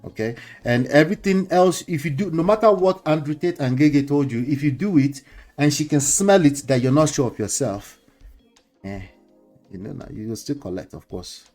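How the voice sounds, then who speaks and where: A man's voice: on the high side, normal speed, darkish tone. Nigerian man, middle-aged, casual lecturing monologue, chuckles, pidgin asides, faint music behind. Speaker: host.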